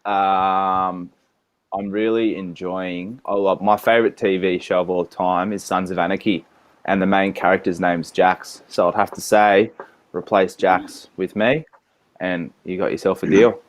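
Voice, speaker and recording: Deep-voiced young man, joking. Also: measured pace. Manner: relaxed, joking banter. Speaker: lifeguard guest.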